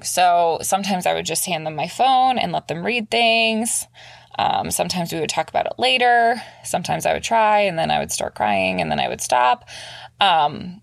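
A young adult woman talking candidly and earnestly about her life in a reflective monologue, pausing often with fillers. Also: on the low side, lively intonation, vocal fry, dry recording.

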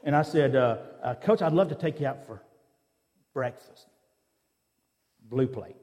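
In a church, a preacher delivers a sermon with personal stories, speaking conversationally and acting out the dialogue in his anecdotes. His mid-range voice is unhurried and darkish in tone, with a long reverb tail.

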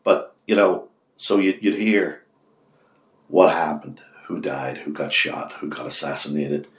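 A man in his sixties from Belfast with a West Belfast accent, a radio host chatting as an interview guest, telling stories in animated bursts with many restarts. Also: extremely low pitch, unhurried. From Northern Ireland. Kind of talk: casual interview chat. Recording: echoey office room.

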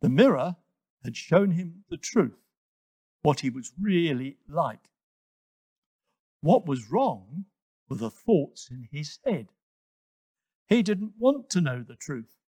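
Man narrating a kids story, slow gentle explanations, expressive lively pitch, dry close mic. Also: husky, dry recording. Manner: gentle, explanatory, talks to children. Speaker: children's storyteller. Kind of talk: children's Bible story narration.

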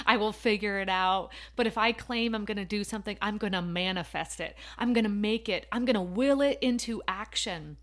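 A woman's voice: mid-range voice, fairly bright tone. A woman hosting her own podcast, telling a motivational story with emotional emphasis. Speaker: podcast host.

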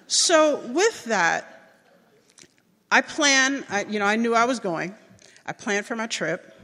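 A middle-aged woman telling a personal story to an audience, animated and acting out the voices of people she remembers. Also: takes it slowly, long reverb tail. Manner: animated, acts out remembered voices with big jumps in pitch.

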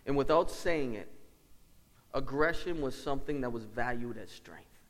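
A man's voice: mid-range voice, moderate pace. A man who is a lead pastor, preaching a sermon earnestly, telling personal stories and repeating key phrases. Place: church sanctuary. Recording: long hall reverb.

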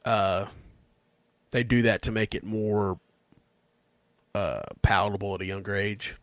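Man, low voice, dry close sound, casual tasting chat, knowledgeable. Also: fairly even intonation, a little slow, fairly bright tone, dry recording. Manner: knowledgeable, explains terms plainly. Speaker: whiskey reviewer co-host.

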